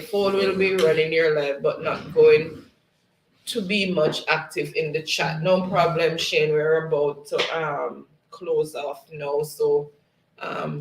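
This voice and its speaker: A man's voice: on the high side, echoey room, a little hiss or hum, poor audio. A man hosting a casual livestream, reading viewers' comments aloud in a friendly way and laughing often. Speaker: livestream host.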